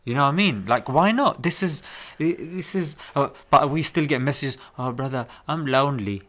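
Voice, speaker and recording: A man, chatting on a podcast and explaining things with animated emphasis. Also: on the high side, normal speed. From England. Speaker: podcast guest. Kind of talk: casual podcast chat.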